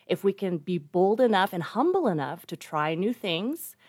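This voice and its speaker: A woman's voice: fairly low pitch, sing-song, moderate pace, a little mellow, slightly rough, no room sound. Earnest woman author, dry studio. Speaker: author and guest. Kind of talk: conversational interview.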